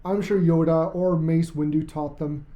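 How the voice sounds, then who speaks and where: A podcast host chatting casually as an enthusiastic fan, rambling and cracking quick jokes. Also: mid-range voice, fairly even intonation, highs cut off, a crowd in the background.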